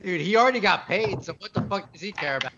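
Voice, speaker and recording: A man's voice: high-pitched, expressive, quick pace, highs cut off, crowd noise. A man co-hosting a casual podcast over a video call, laughing often and swearing freely as he riffs. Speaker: podcast co-host. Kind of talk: casual profane banter.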